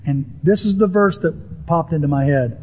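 A pastor preaching a sermon to his congregation in an animated, emphatic way, lifting his voice on key words. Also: a little high, moderate pace, a little hiss or hum. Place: church sanctuary with a congregation. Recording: dull, lo-fi sermon audio.

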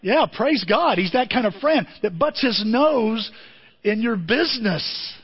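A man preaching a sermon as pastor, animated, swinging from loud emphasis to quiet asides. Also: extremely high pitch, measured pace, husky, in a large hall, highs cut off. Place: church.

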